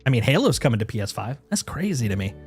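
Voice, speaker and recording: A man's voice: mid-range voice, sing-song, fast talker, faint music behind. A man streaming a game, chatting casually and rambling with lots of fillers and restarts. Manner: baby-talk to his dog. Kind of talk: casual chat while gaming.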